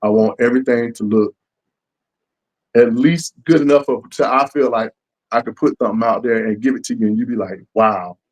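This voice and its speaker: A comic book creator chats in a casual interview, animatedly acting out the things fans say to him. His voice is mid-range and fairly quick, captured on a rough recording.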